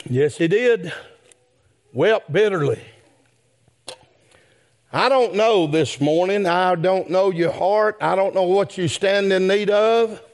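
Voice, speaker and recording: A man preaching a sermon, addressing the congregation with "my friend" and "yes, sir" as refrains, and swelling into shouted peaks. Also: high-pitched, slow, pauses often.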